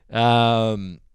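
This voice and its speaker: A man's voice: mid-range voice, clean tone, dry recording, studio quality. A young man hosting a podcast, ranting casually and mocking himself with lots of swearing. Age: young adult. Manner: profane, self-mocking rants with mock-outraged voices. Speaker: podcast host. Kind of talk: casual comedic monologue.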